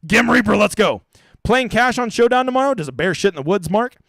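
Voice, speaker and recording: A man's voice: high-pitched, lively intonation, brisk, gravelly, fairly bright tone, no room sound, clean studio sound. A man hosting a casual live-stream Q&A, reading viewer questions aloud and answering them bluntly, with the odd swear word. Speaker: fantasy golf streamer.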